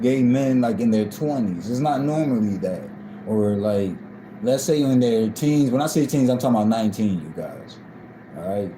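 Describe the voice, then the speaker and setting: A man chatting loosely on a live video, swearing freely and laughing through his stories. His voice is very dark and mellow and his pace is unhurried. The sound is roomy, with echo around him. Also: medium pitch, a little hiss or hum. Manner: profane, laughing often, loose and rambling. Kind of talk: casual gossip chat.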